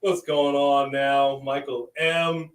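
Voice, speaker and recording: A man hosting a casual livestream, giving playful, hyped shout-outs to viewers. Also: mid-range voice, little pitch movement, takes it slowly, reverberant, distant mic, rough recording. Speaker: host.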